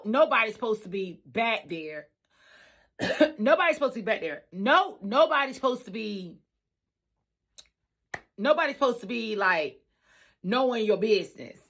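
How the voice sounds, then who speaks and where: A woman trucker telling a story in a casual vlog, animated and emphatic, repeating lines for effect. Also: mid-range voice, unhurried, long pauses. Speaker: trucker and trucking school staff.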